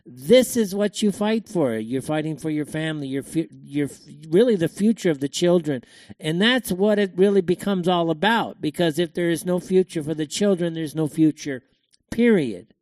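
A man's voice: on the high side, lively intonation, moderate pace, a little mellow, dry recording, studio quality. A man hosting a show, giving a rambling, emphatic opinion monologue full of fillers and repeated words. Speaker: show host.

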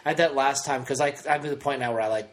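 A man at an ordinary pitch hosts a podcast in loose, casual chat. He rambles, restarts and pokes fun at himself while staying frank and easygoing. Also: very fast, slight background noise. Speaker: podcast host.

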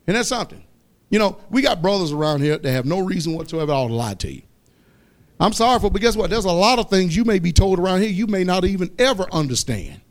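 A pastor with a high voice preaches a fiery sermon, drawing out scripture in slow shouts and putting questions to his congregation.

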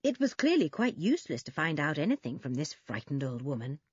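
Brief: low-voiced woman storyteller, very lively intonation, dull dry recording. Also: brisk, slightly rough, dry recording. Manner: expressive. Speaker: audiobook narrator. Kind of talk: scripted narration of a children's book.

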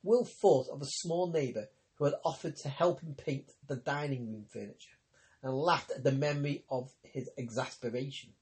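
A man with a mid-range voice reads a novel as an audiobook narrator, keeping his delivery measured and steady.

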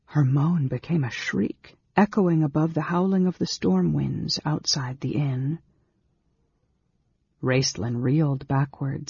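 A man reading a fantasy novel aloud as an audiobook narrator, in a measured, dramatic way. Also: a little high, creaky, a little mellow, breathy edge, dry recording. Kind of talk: scripted narration. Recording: dull lo-fi recording.

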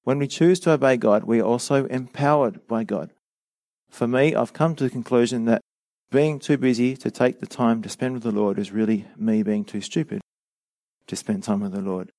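A middle-aged man preaching a sermon as a pastor, earnest and measured, with a touch of dry sarcasm. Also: mid-range voice, a little mellow, no room sound.

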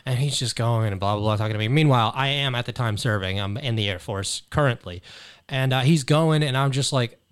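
A man's voice: mid-range voice, brisk, clear, resonant tone. A young man hosting a casual podcast chat, telling stories in a profane, rambling way. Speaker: podcast host.

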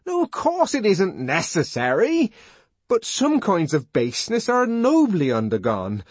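A man's voice: high voice, wildly swooping pitch, a little slow, slightly rough, dry recording, voice pushed up, exaggerated voice. A man voicing a desperate, lovesick young man in an audiobook, pleading in strained poetic outbursts. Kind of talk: audiobook character voice.

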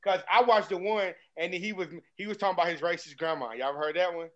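A man's voice: sits high, fast talker. A man in casual chat, telling stories and acting out comedians' bits with energy. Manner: animated storyteller, acts out comedians' bits. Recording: dull lo-fi sound.

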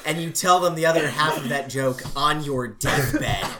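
A man's voice: a little high, normal speed, a loud crowd. Wry man trading puns with friends. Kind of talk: casual joke telling among friends.

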